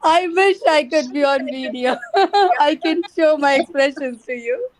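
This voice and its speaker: Effusive, high-voiced woman organizer. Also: no room sound, low-quality recording. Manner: effusive, halting, with frequent restarts. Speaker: class organizer. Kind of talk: casual remarks to a class.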